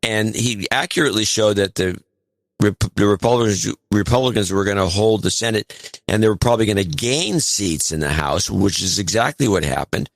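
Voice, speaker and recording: Low-voiced man in emphatic podcast chat. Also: moderate pace, no echo. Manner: emphatic, repeats words for stress. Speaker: podcast co-host. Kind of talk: casual political chat.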